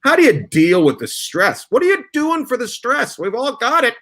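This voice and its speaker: A man hosting a casual comedy chat, loud and laughing, swearing often. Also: big pitch swings, normal speed. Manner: loud, laughing, swearing, big swings in pitch. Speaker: host.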